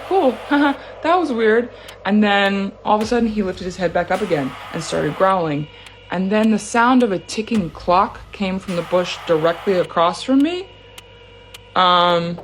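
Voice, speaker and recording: A woman casually telling a true scary story about herself, chatty, with fillers and the odd nervous laugh. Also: lowish voice. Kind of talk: casual first-person storytelling.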